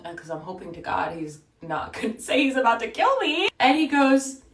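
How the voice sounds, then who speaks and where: A woman's voice: mid-range voice, normal speed, recorded from a distance. Chatty young woman in a roomy space. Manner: chatty, animated, lots of "like". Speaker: vlogger. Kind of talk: get-ready-with-me storytime.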